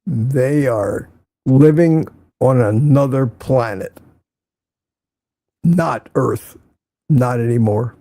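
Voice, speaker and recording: A man's voice: medium pitch, very slow, long pauses, warm tone, no room sound. An older man hosting a casual morning livestream, greeting viewers by name and rambling sarcastically. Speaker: livestream host.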